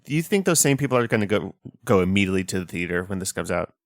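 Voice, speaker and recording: A man in casual podcast chat with a fairly low voice and a wry, deadpan delivery. The sound is dry, close to the mic. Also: very fast, no echo. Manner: wry, deadpan jokes, swears. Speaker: podcast co-host.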